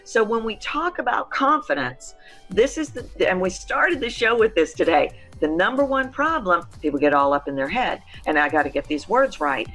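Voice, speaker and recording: A woman's voice: fairly high pitch, sing-song, moderate pace, fairly bright tone, faint music behind. A middle-aged woman, a voice coach, answering interview questions in an emphatic, teacherly way. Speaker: voice coach guest.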